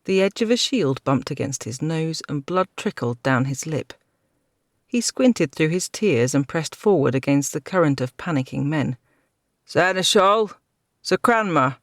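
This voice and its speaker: A woman narrating a fantasy audiobook with a steady, dramatic reading. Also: deep voice, dry recording, studio quality.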